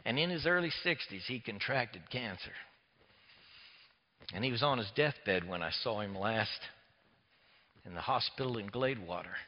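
A man, preaching a sermon as a pastor, swinging between hushed near-whispers and loud emphatic passages. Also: lowish voice, animated, normal speed, long pauses. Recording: echoey hall, dull lo-fi sound.

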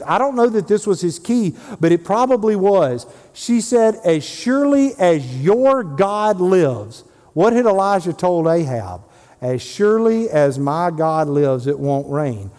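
Pastor with a high, hall-washed voice. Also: male voice, very animated, unhurried, darkish tone. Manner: storytelling, acts out biblical dialogue in casual voices. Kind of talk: sermon. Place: church sanctuary. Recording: long hall reverb.

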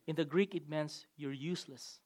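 Pastor, male, high voice, preaching a sermon with emphatic bursts that drop to quiet asides. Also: normal speed. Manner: emphatic preaching with sudden swings in loudness.

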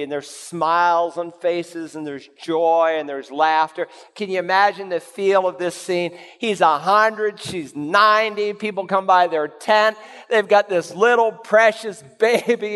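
A man preaching a sermon as pastor, animated and sometimes acting out the voices of people in his stories. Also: high-pitched. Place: church sanctuary. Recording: long hall reverb.

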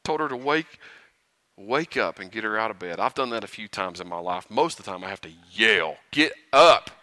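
Animated preacher with a bright voice. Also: male voice, lowish voice, brisk, dry recording. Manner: animated, chuckles often, uses rhetorical questions. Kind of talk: sermon.

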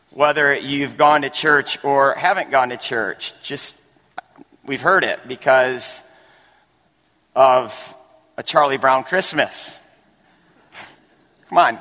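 A man's voice: a little high, fairly bright tone. A male pastor giving a sermon in a church, chatty and building to emphatic points. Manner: conversational, rising to emphatic. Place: church sanctuary. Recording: long hall reverb.

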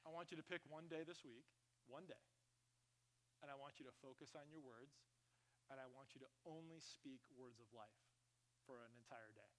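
A male pastor preaching a conversational, joking sermon in church, with sudden loud bursts. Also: mid-range voice, normal speed, long pauses, a little hiss or hum.

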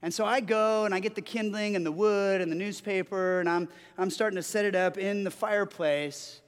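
A man in his forties, a pastor preaching a sermon, telling a personal story in an animated way, often restarting his sentences. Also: sits high, a little fast, clean tone. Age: 40s. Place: church sanctuary. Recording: long hall reverb.

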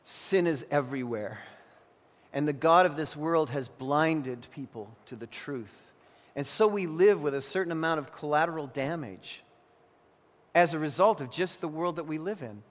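A man preaching a sermon as pastor, crying out in anguished prayer and then teaching calmly. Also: on the high side, normal speed. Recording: long hall reverb.

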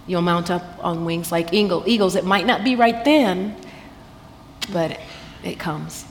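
At a church women's event, a guest with a Southern American accent shares her heartfelt personal testimony, quoting scripture and laughing easily. Her voice is on the low side and a little slow, heard in a reverberant hall with faint background noise.

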